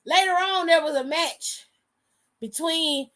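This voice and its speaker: A high-voiced woman hosting an aftershow, recapping in loose casual slang. She tells it with lots of animation and jumps into the voices of the people she quotes. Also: slow, fairly bright tone. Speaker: show host.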